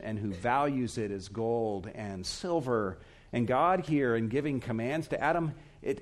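A man preaching an expository sermon, earnest and emphatic, speaking in short, measured phrases. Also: medium pitch. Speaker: pastor.

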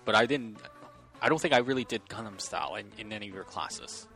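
A man's voice: lowish voice, a little fast, creaky, sharp tone, faint music behind. A man hosting a casual podcast chat who often stalls and repeats words. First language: Chinese. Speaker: podcast host.

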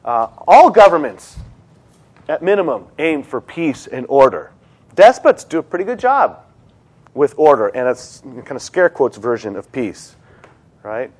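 A middle-aged man teaching a seminar in a classroom, animated and joking, with many fillers and restarts. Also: medium pitch, measured pace, slightly rough. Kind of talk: classroom lecture and discussion.

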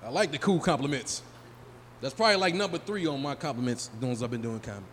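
Talking fast in a mid-range, slightly bright voice, a comedian in his forties works a small venue with loose, profane crowd banter. The recording captures a live room with long reverb and a faint noise floor.

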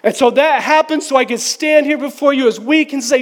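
Male pastor, candid storytelling sermon, high register, long church-hall reverb. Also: brisk, hardly any pauses. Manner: candid, conversational, self-deprecating.

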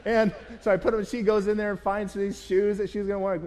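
A man preaching a sermon as pastor, telling a personal story in an animated way and acting out the voices of the people in it. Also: sits high, a little fast, long reverb tail. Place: church.

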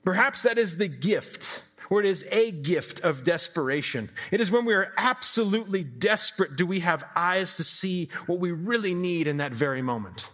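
Reflective high-voiced man preaching. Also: animated, normal speed, few pauses, fairly bright tone. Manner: reflective, conversational, with frequent "like" and rhetorical questions. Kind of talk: devotional sermon.

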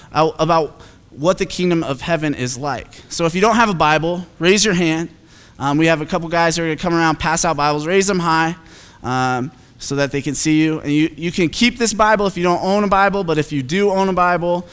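A man preaching a sermon in a relaxed, conversational way, with self-deprecating asides and frequent fillers. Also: on the high side, clear, resonant tone. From Phoenix, United States. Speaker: pastor. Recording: long hall reverb.

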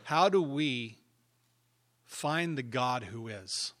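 A man preaching a sermon as pastor, dropping to hushed asides and then rising to emphatic, louder points. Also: mid-range voice, lively intonation, slow. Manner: emphatic preaching, swinging between hushed and loud.

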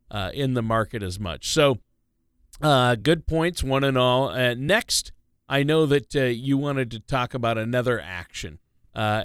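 Male radio co-host, smooth and dry studio sound, easygoing banter. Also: mid-range voice, a bit bright, dry recording. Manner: jokey, easygoing, many fillers. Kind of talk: casual radio talk.

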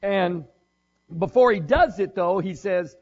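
Male preacher, husky tone, relaxed conversational sermon with dry humor, muffled recording. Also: high-pitched, slow. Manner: casual, joking, thinks aloud with restarts.

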